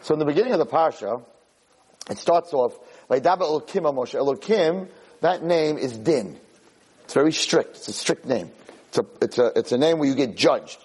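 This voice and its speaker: A man's voice: medium pitch, animated, moderate pace, a little mellow, breathy edge, poor audio. A man teaching a sermon on the weekly Torah portion, telling the story animatedly and mixing in Hebrew terms. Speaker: rabbi lecturer.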